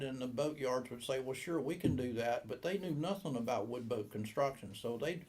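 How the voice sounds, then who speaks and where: A boat shop owner in his seventies tells a long, rambling anecdote in an interview, acting out the quoted dialogue. His medium-pitched voice moves at a normal speed with hardly any pauses.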